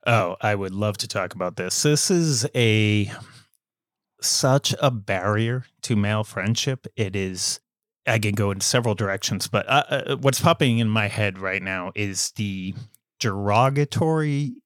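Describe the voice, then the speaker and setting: An American man guesting on an interview show, talking in animated bursts with frequent stammers and restarts. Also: fairly low pitch, measured pace, dry recording, studio quality. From United States. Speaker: guest author. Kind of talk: casual interview chat.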